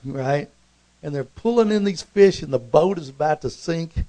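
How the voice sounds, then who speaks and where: A middle-aged man preaching a storytelling sermon, conversational and animated, and acting out scenes along the way. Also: on the high side, normal speed, no room sound, low-quality recording.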